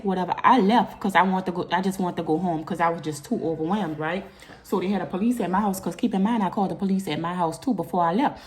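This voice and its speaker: In a casual storytime video, a young woman vlogger shares a personal story with animated energy. When she's upset, she jumps into loud, high bursts.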